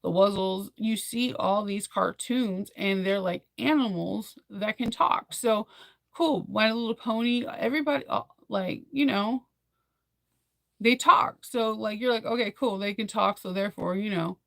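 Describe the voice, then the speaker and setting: A young woman in casual chat, rambling and animated as she recaps a film, full of fillers and laughs. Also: mid-range voice, a little slow, vocal fry, dry recording, studio quality. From United States.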